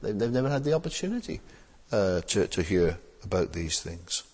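A man gives a sermon in an easy, conversational way, full of rhetorical tag questions. He often stalls, hesitates and repeats words before pressing on. His voice is a little husky and its pitch moves a lot, with a long hall echo trailing behind it. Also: sing-song, moderate pace, darkish tone. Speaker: preacher.

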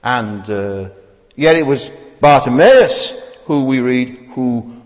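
Taking his time, a man preaches an earnest sermon at a church service with lively rises and falls in pitch. Rhetorical questions to the congregation alternate with repeated restarts. The sound echoes with the long reverb of a big hall.

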